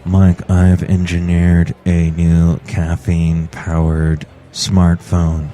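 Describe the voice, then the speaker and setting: A man doing a gruff deep-voiced engineer. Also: completely flat delivery, takes it slowly, warm tone, a little hiss or hum. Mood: deadpan. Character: deadpan gruff male engineer, slow and low.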